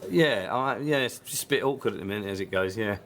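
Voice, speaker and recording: A man's voice: fairly low pitch, quick pace, noisy background. A man in a scripted sitcom, trading wry, self-mocking banter. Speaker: lead character in a sitcom.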